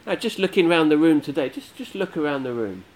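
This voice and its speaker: A man's voice: a little high, lively intonation, fast, a little mellow. A man preaching a sermon to a congregation, earnest and emphatic, building his points through repeated phrases.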